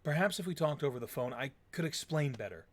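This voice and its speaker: A man's voice: fairly high pitch, lively intonation, fast. A man voicing a polite, earnest middle-aged husband who pleads and worries.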